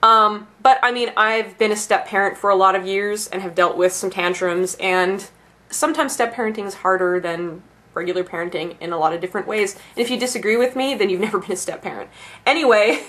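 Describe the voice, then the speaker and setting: A woman's voice: medium pitch, brisk, a bit bright. A young adult woman ranting casually about her bookstore job, swearing freely and laughing at her own asides. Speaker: bookstore employee.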